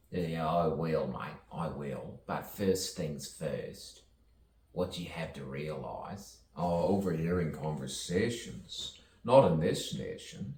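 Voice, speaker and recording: Man with a very low voice, slow, playful rhyming ramble; distant mic in a roomy space. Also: darkish tone. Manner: playful, rhyming wordplay, frequent chuckles. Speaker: poet. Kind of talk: rambling improvised monologue.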